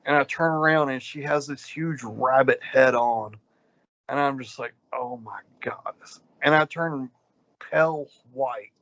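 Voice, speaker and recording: A podcast co-host with a mid-range voice and measured pace spins rambling, animated stories packed with ums during casual chat and storytelling rants. There's no room sound, and the audio is dull and lo-fi.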